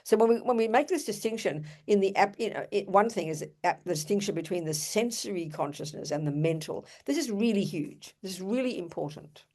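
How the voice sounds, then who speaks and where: A woman's voice: mid-range voice, lively intonation, brisk, few pauses, dark tone. An older woman giving an earnest, emphatic Buddhist dharma talk, with rhetorical asides to her audience. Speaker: Buddhist teacher.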